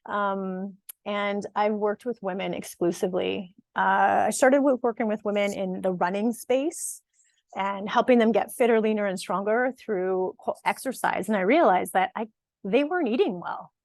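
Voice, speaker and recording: A woman's voice: medium pitch, moderate pace, vocal fry, dry recording. Earnest woman in her forties, dry sound. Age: 40s. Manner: earnest and emphatic, with frequent restarts. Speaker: fitness and nutrition coach. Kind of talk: casual direct-to-camera monologue.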